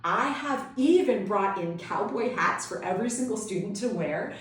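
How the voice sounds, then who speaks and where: A woman's voice: mid-range voice, lively intonation, normal speed. A woman homeschool tutor explaining classroom teaching ideas in an upbeat, enthusiastic way for an instructional video. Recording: very echoey room, distant mic.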